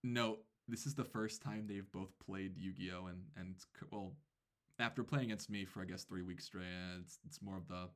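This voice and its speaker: A man with a lowish voice tells a casual story about his classroom. He narrates in an animated way, with quick asides and playful imitations of the kids. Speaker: teacher telling a classroom story.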